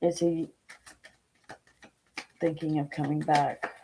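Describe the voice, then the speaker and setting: Gravelly-voiced woman reading tarot live. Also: low-pitched, flat delivery, takes it slowly, dark tone, slight background noise. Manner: chatty, talks to viewers by name, thinks aloud while laying out cards. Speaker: tarot reader. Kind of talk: casual live-stream chat.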